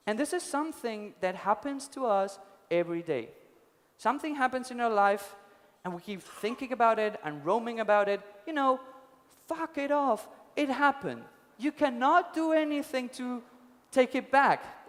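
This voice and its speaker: High-voiced man telling parables on stage. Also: expressive, normal speed. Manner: casual, swears, tells parables with acted quotes. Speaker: conference speaker. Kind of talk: storytelling talk. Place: conference stage. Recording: long hall reverb.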